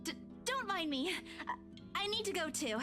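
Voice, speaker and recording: A nervous, kind young heroine put on by a man, speaking in a high, hesitant voice that stammers now and then. Clear music plays behind her. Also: lively intonation, moderate pace. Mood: flustered. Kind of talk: visual novel voice reading.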